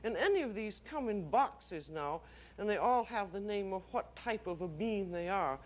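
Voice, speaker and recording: On an old television show, an older woman hosts a cooking demonstration in an animated, mid-range voice at a moderate pace, with a warbling, sing-song delivery. The audio is dull and lo-fi, typical of old TV.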